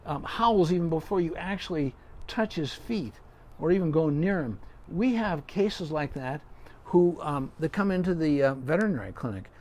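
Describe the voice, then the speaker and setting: A man's voice: fairly high pitch, expressive, moderate pace, a little mellow. A middle-aged man, a veterinarian, patiently explaining dog care step by step in a live question-and-answer session, with folksy sayings.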